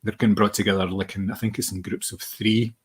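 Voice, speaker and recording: A man talks through a film on a podcast, rambling and restarting his sentences as he goes. His voice sits low and has a husky edge. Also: little pitch movement, fast talker. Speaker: podcast co-host. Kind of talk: casual film discussion.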